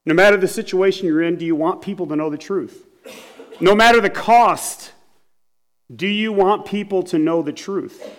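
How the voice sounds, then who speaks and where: High-voiced man preaching a sermon. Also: normal speed. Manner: storytelling with acted quotes, rising to emphatic repetition. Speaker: pastor.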